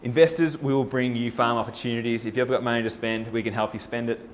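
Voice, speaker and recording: A man giving an energetic, persuasive presentation at a forum, firing rhetorical questions at the audience. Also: mid-range voice, fast, slight background noise. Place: live talk at a farming forum.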